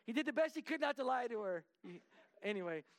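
This high-voiced man narrates quickly and energetically, frequently starting over and repeating phrases. He performs the dialogue, going quiet and hushed when quoting other people. Captured close-up, the audio is dry with no room sound at all.

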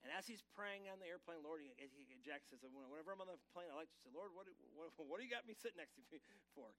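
A man preaching a Sunday sermon with a slightly high voice. He urges the congregation to answer him aloud and reads scripture with emphasis. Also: lively intonation, quick pace, a bit bright, poor audio. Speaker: pastor. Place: church sanctuary.

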